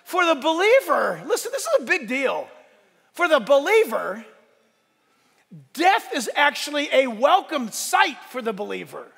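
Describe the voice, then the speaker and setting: A male pastor preaching a sunrise service sermon, animated and shouting at the high points, with joking asides. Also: a little slow, vocal fry, in a large hall.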